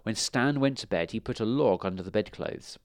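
Expressive male storyteller, lively voice. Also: fairly low pitch, dry recording, clean studio sound. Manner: expressive, dramatic pauses. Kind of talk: storybook reading aloud.

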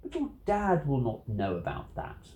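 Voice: mid-range voice, huge pitch swings, a little slow, dark tone. The Cat in the Hat, as a reader voices him. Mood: playful. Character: mischievous grinning cat in a tall hat. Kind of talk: storybook reading.

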